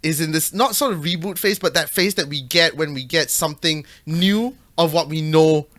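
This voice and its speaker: A man's voice: a little high, moderate pace, a bit bright. A man from Malaysia co-hosting a casual podcast, giving opinionated, joking takes and swearing now and then. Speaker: podcast co-host. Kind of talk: casual chat.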